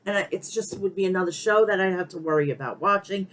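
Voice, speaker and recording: A middle-aged woman hosting a podcast rants bluntly and heatedly about pro wrestling, swearing heavily as she voices her opinions. She talks fast in a lowish voice, and the poor recording has slight background noise.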